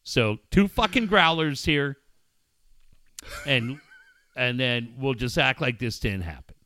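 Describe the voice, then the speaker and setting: A man's voice: medium pitch, expressive, takes it slowly, sharp tone. A man co-hosting a casual talk show, swearing a lot and mock-ranting sarcastically. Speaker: podcast co-host. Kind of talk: crude comedic banter.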